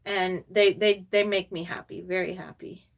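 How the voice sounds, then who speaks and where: An older woman hosting a casual live stream, chatting and reading viewer comments, rambling with lots of fillers and laughs, sometimes dropping into soft cooing baby talk. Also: on the low side, level tone, normal speed, creaky, distant mic. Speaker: reborn doll artist and collector hosting a live stream.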